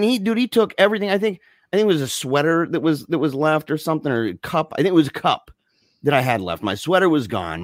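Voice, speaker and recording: A man casually telling a story, slangy and animated, acting out the voices of the people in it. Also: on the high side, dry recording, clean studio sound. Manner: animated, acts out voices in his stories; slangy, says dude and man often. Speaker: podcast co-host telling a story.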